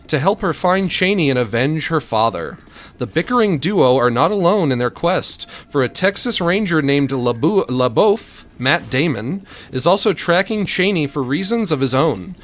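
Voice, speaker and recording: A male game streamer rambling in a fairly high voice that swoops up and down. He chats with himself and his viewers and breaks into mock-indignant rants. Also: a bit bright. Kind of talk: casual live-stream chatter.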